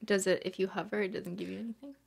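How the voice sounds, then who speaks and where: A woman's voice: mid-range voice, fairly even intonation, quick pace, creaky. A woman from Canada co-hosting a podcast in casual chat, giggly and playful, swearing casually. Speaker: podcast co-host.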